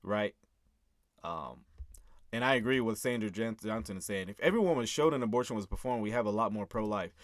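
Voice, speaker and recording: A man hosts a casual commentary breaking down his own song, speaking earnestly, chuckling, and tagging his points with "right?". His lowish voice is fairly quick, recorded with studio quality and no room sound.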